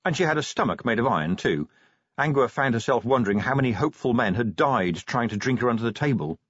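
A man's voice: mid-range voice, lively intonation, fast talker, a bit bright, slightly rough, no room sound, dull audio. A man narrating a comic audiobook with wry, dry timing.

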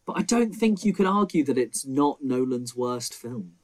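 Animated man ranting about a film. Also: mid-range voice, normal speed. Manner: animated, acts out scenes in mocking voices. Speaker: podcast co-host. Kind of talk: casual film debate.

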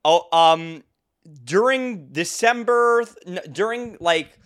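A young man co-hosting a podcast tells a rambling story in casual chat, laughing often and restarting his sentences. His high-pitched voice is smooth and a bit bright, and he speaks slowly.

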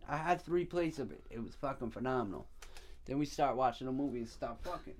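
A man hosting a podcast, telling a crude story in a loose, animated way, swearing freely and laughing at himself. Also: medium pitch, fast, slight background noise. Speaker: podcast host. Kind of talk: casual chat, storytelling.

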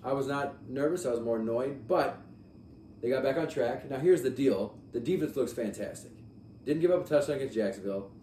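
A man hosting a casual sports podcast, talking in an animated way with many fillers and repeats. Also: medium pitch, fairly quick. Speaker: podcast host. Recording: echoey room, mic at a distance, faint noise.

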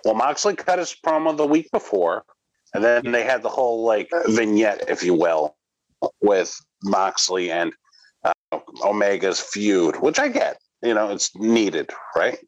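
A man's voice: on the low side, lively intonation, unhurried, no echo, low-quality recording. A man co-hosting a wrestling podcast in casual chat, teasing his partner with joking banter.

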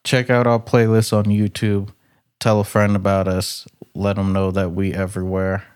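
A man with a low, level, smooth voice hosts a casual podcast in a laid-back way, steering toward the close and signing off. His sound is dry and close. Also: completely flat delivery, moderate pace, a little mellow, dry recording. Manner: laid-back, wraps up segments. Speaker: podcast host. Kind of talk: casual chat.

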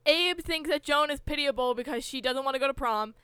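A woman's voice: sits high, a little fast, sharp tone, dry recording. A young woman co-hosting a podcast, chatting casually and bluntly while she recaps a show. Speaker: podcast co-host.

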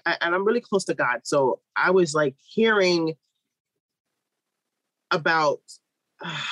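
Husky-voiced woman telling a story. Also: on the low side, no room sound, poor audio. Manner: lively, animated storytelling with quoted voices. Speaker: midwife. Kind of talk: storytelling interview.

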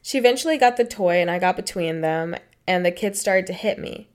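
A woman's voice: fairly low pitch, fairly quick. A young woman co-hosting a podcast, reading stories aloud and chatting in a blunt, matter-of-fact way with casual swearing. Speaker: podcast co-host.

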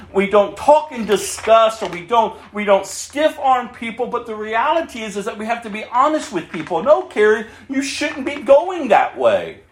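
A man's voice: very high-pitched, fairly bright tone, reverberant. A male pastor preaching a sermon, earnestly reading scripture aloud and chuckling often as he speaks.

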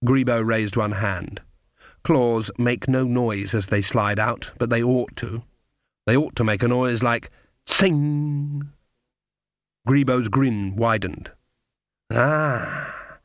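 An audiobook narrator, male and of ordinary pitch, recounts the story in a measured, wry style. Recorded close in a very dry studio, there's no room sound or echo, and his tone holds steady.

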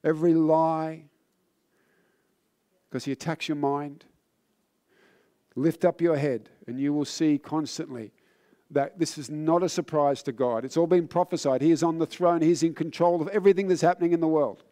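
Earnest preaching man, fairly high voice. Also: normal speed, warm tone. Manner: earnest, builds in intensity then drops low and solemn. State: tired. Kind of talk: sermon with personal testimony.

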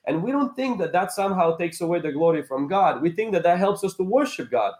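A man's voice: high-pitched, lively intonation, fairly quick, a little mellow, echoey room. A male pastor speaking as a guest, building emphatic points in an earnest preaching style.

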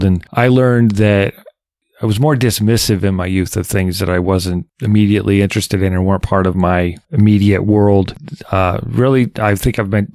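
A man with a fairly low voice hosts a casual music podcast. He talks in a relaxed, reflective way, and his voice sounds dry and close. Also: dry recording. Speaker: podcast host.

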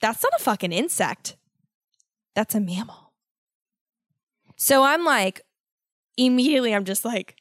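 A young woman hosting a solo podcast, telling a story in an animated, exasperated way with constant swearing. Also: a little high, a little slow, long pauses, no room sound, clean studio sound. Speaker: podcast host.

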